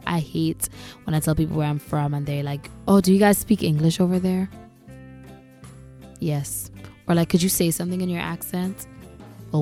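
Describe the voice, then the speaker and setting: Low, gravelly-voiced woman podcast host. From Caribbean. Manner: candid, animated, asks rhetorical questions. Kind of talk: casual solo podcast talk.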